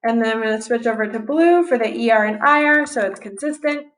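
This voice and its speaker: A woman's voice: on the high side, fairly quick, low-quality recording. A young woman teacher talking through a screen-recorded grammar tutorial in a casual way, correcting herself as she types. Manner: casual, self-correcting while typing.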